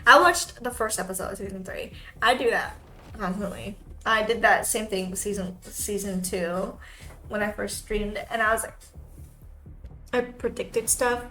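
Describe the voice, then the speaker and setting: A woman's voice: mid-range voice, unhurried, sharp tone, soft background music. A woman streamer ranting on a live stream, exasperated and swearing freely.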